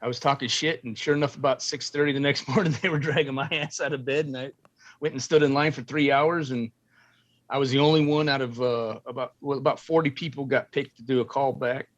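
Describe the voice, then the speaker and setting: A man's voice: medium pitch, steady tone, brisk, highs cut off. A middle-aged man, a former Marine, telling war stories in a casual, profane way and acting out quotes. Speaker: guest, former Marine and film military advisor. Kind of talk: casual storytelling interview.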